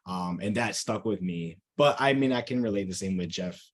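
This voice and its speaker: A man speaking as a podcast guest, telling stories in an excited, emotional way with many restarts. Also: deep voice, normal speed. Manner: excited, emotional, stammering storyteller. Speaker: guest coach. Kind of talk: casual podcast chat.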